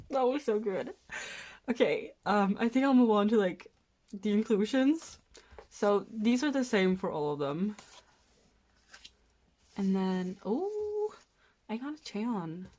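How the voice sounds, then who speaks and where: A nineteen-year-old woman from Denmark, chatting casually and excitedly while unboxing, often gasping, giggling and swearing. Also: medium pitch. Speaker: vlogger.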